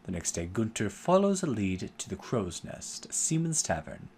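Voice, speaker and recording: A man's voice: lowish voice, big pitch swings, moderate pace, a little mellow, slight background noise. A man reading a game's story aloud as narrator, dropping casual asides in between. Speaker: let's play host.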